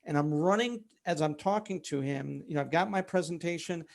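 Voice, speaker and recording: Gravelly-voiced man telling his story. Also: a little high, brisk. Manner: candid, many fillers, relives events vividly. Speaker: company founder and co-host, interview guest. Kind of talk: personal storytelling in conversation.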